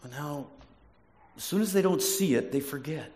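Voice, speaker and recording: A man's voice: fairly high pitch, animated, moderate pace, a little mellow. A man preaching a sermon as a pastor, telling stories, often restarting words and asking the congregation questions. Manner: storytelling, restarts words, asks the audience questions.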